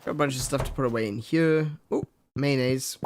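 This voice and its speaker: A man's voice: mid-range voice, a little fast, background noise. Chuckling young man streaming gameplay. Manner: joking, chuckly, thinks aloud while playing. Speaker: streamer playing a farming game with a guest. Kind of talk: casual gameplay chat.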